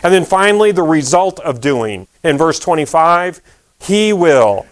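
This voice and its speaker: A man's voice: on the high side, very animated, measured pace. A man pastor preaching a sermon in a conversational way, repeating key phrases and using fillers.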